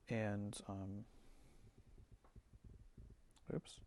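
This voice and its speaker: A man giving a relaxed screen-recorded music software tutorial, thinking aloud with fillers as he works. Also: fairly low pitch, a little fast, vocal fry, muffled recording. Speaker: music teacher.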